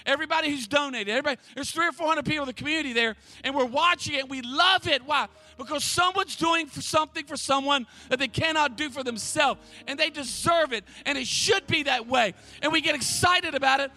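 Male pastor, very high and bright voice, fervent shouting sermon delivery. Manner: fervent, shouting, repeats words in rapid bursts. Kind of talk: energetic preaching sermon. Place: church service.

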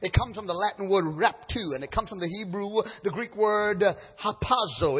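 A man preaching a sermon with fervor, swinging from low murmurs to loud high cries and stumbling over his words as he restarts. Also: moderate pace, slightly rough. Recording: dull sound with long hall reverb.

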